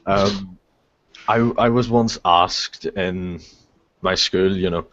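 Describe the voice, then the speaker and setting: Young northern irish guy telling sweary stories, lowish voice, dull lo-fi sound, dry. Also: moderate pace, no echo. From Northern Ireland. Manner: swearing freely, laughing at his own stories. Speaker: guest on a live chat show. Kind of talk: casual storytelling.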